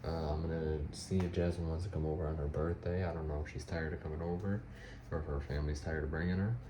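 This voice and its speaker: A young man giving a rambling, halting life update for his vlog, with frequent restarts. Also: extremely low pitch, steady tone, reverberant, noisy background. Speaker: vlogger.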